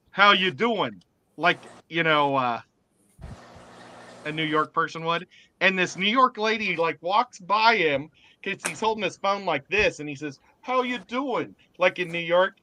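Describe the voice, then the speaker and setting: High-voiced man, joking and animated. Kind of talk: casual chat.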